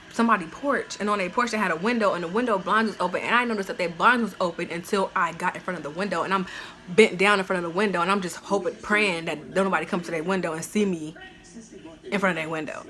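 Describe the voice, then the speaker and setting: A woman spins a story for her vlog in an easy, chatty storytime. Her voice sits at a medium pitch. She talks in animated, slangy bursts full of "like" fillers. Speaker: vlogger telling a story. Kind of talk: casual storytime.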